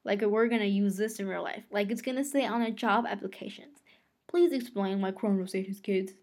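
A woman's voice: medium pitch, a little fast, darkish tone, lightly acted. A woman voicing a snide, mocking schoolgirl bully in a storybook reading, speaking in a sarcastic mutter. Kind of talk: storybook read-aloud.

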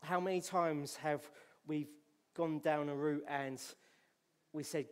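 Scottish man, church sermon, lively preaching, slightly high voice. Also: slow, pauses often, clean tone, long reverb tail. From Scotland. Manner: animated preaching, reads scripture aloud, swings from loud to hushed.

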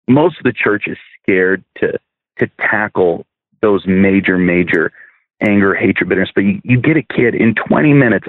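Man, low voice, guest minister, earnest testimony, repeats words, dry phone-like audio. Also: dry recording. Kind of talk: telling a testimony in a podcast interview. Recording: dry, phone-like narrow sound.

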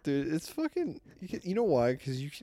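A man's voice: fairly high pitch, wildly swooping pitch, a little fast, mellow, no echo. A young man co-hosting a podcast, rambling and joking in casual chat. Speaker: podcast co-host.

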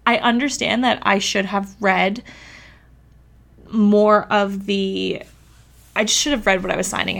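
A woman's voice: mid-range voice, vocal fry, a bit bright. A woman vlogger telling a personal story in a chatty, casual way, with lots of "like". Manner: chatty, uses "like" a lot.

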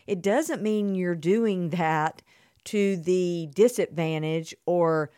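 A woman's voice: on the low side, takes it slowly, dark tone, clean tone, no echo, clean studio sound. A woman co-hosting a podcast about marriage ministry, explaining her points earnestly in long linked sentences. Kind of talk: casual conversational podcast.

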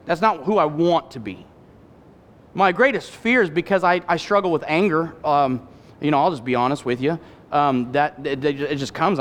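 A middle-aged male pastor giving an animated sermon, acting out voices and making candid personal asides. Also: on the high side. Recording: hall reverb.

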